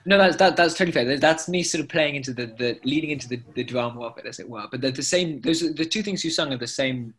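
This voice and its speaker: A man's voice: mid-range voice, fast talker, few pauses, a bit bright. Male chant teacher on a video call, keen and chatty, slipping into short sung phrases. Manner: enthusiastic, breaks into sung chant examples. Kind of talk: online class teaching.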